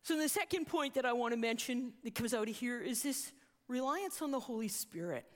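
A woman's voice: on the high side, lively intonation, fairly quick. A woman preaching a sermon, telling the story with animation and acting out the quoted voices. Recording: long reverb of a hall.

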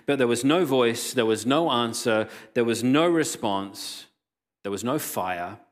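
A man delivering a sermon in a mid-range voice. He moves between retelling a scripture story with animated quoted lines and reading the passage aloud. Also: mid-range voice, a little slow. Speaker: pastor.

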